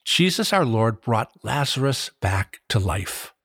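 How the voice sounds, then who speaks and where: A man giving a slow, earnest Catholic devotional reflection, reading scripture verses aloud. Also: mid-range voice, big pitch swings, a bit bright, husky, no echo, studio quality. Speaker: Catholic preacher.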